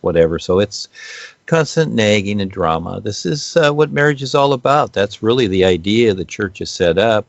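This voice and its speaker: A man's voice: sits low, normal speed, vocal fry, no echo, highs cut off. A man speaking as a guest on spiritual topics, explaining in a rambling way with many fillers and restarts.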